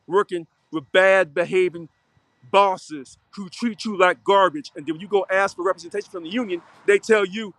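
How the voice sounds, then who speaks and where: A man's voice: high-pitched, steady tone, normal speed, a bit bright, no room sound. A man who is a union local president, giving a preachy, fiery, repetitive unscripted video monologue.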